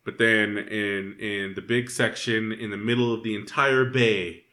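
A man's voice: on the low side, fairly even intonation, a little slow, bright, forceful tone. A man casually recounting boot camp memories, swearing loosely and acting out screaming instructors. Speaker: former Army soldier, podcast co-host. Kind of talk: casual podcast chat.

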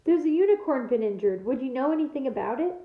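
A woman reading aloud, voicing a big, blunt male gamekeeper who talks in a rough dialect. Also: high-pitched, animated, fast. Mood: gruff. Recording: echoey room, tinny phone-like sound.

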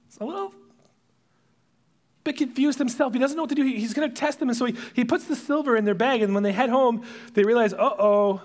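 A man preaching a sermon, retelling a Bible story as an animated storyteller who acts out the characters' lines. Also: very high voice, fast talker. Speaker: pastor.

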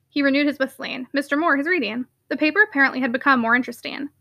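A woman reading a classic novel aloud in a clear, measured storytelling manner. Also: sits high, sharp tone, dry recording. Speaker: audiobook reader.

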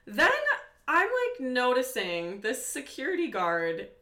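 A young woman telling a long story on a casual podcast, animated and profane, full of "like" fillers. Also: high voice, takes it slowly, echoey room. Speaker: podcast guest.

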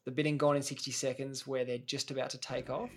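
A man's voice: mid-range voice, level tone, quick pace. A man hosting a casual reaction video, rambling enthusiastically and often restarting his sentences. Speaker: video host.

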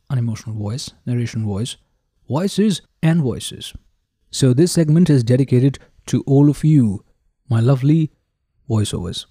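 A man hosting a podcast and testing microphones close up, with a showy manner that keeps addressing the ladies and gentlemen. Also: medium pitch, no room sound. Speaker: podcast host. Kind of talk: casual microphone review talk. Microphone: handheld dynamic mic held close.

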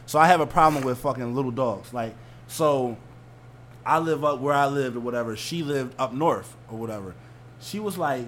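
A man hosting a podcast, telling stories in a casual, profane, animated way. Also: medium pitch, moderate pace, slight background noise. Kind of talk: casual chat.

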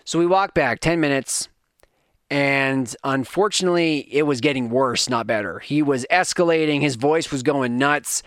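Animated, rambling podcast host man. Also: mid-range voice, moderate pace, dry recording, clean studio sound. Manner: animated, rambling, self-deprecating, with frequent restarts. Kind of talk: casual storytelling rant on a live stream.

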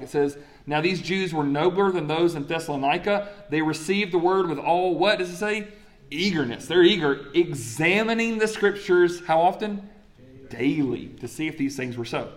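Conversational man preaching a sermon. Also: on the high side. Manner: conversational, asks the congregation questions and answers them. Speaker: pastor.

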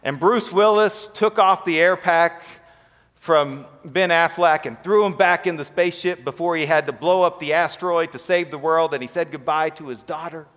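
A middle-aged man, a pastor, preaching an emotional sermon that sinks to a hushed near-whisper in its tender moments. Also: fairly high pitch, moderate pace. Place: church sanctuary. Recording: reverberant church hall.

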